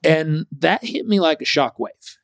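A man telling a personal story as an interview guest, animated and acting out what others said. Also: on the high side, unhurried, dry recording, studio quality.

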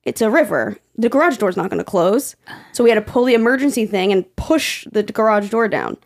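A young woman co-hosting a podcast in casual chat, telling stories animatedly with plenty of swearing. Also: a little fast. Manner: animated storytelling, swears freely, voice jumps high when quoting. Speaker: podcast co-host.

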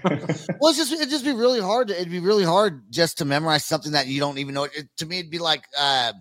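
A man's voice: a little high, fast talker, fairly bright tone, no echo. A man hosting a casual interview, loose and joking, swearing freely. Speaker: podcast host.

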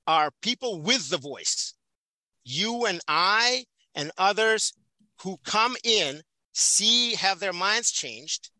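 On a casual interview podcast, a passionate man from the Soviet Union, a volunteer teacher in prisons, drives his points home by repeating words. His high voice sounds very bright and sharp. The rough recording is dry and close, with no room sound.

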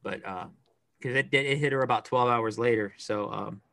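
A middle-aged man co-hosting a podcast, chatting casually in a rambling, animated way with lots of fillers. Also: medium pitch, normal speed, vocal fry, no room sound. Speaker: podcast co-host. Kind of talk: casual chat.

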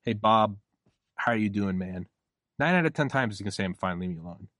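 A man's voice: lowish voice, expressive, a little fast, a bit bright, no room sound, clean studio sound. A man hosting a podcast in casual conversation, rambling and acting out quoted voices as he talks. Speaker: podcast host.

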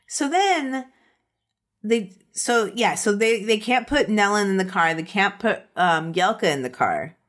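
A woman's voice: medium pitch, animated, takes it slowly, pauses often, a bit bright. A woman hosting a true crime podcast, telling the case in casual chat, laughing often and acting out quotes. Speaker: podcast host.

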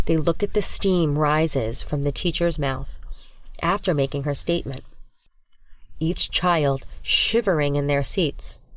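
Measured woman storyteller, dry close sound. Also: deep voice, dry recording. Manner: steady, measured reading. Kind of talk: scripted narration of a spooky children's story.

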